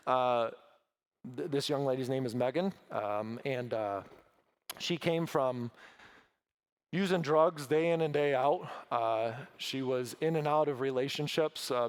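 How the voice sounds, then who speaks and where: A man's voice: medium pitch, clean tone. A man speaking at a church as a guest from a mission, earnest, with many fillers and restarts. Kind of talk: sermon talk.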